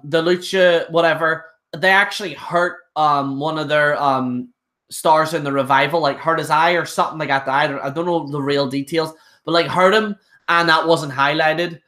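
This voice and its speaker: A young man ranting on a live stream, blunt and rambling, who often trips over his words and starts again. His voice is bright and forward, and he delivers his opinions with casual bluntness. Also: on the high side. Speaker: wrestling show reviewer.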